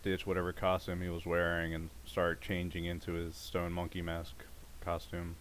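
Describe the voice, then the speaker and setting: A man's voice: low-pitched, completely flat delivery, moderate pace, a bit bright, slight background noise. A man playing a tabletop game, describing his character's actions hesitantly with many fillers. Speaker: player.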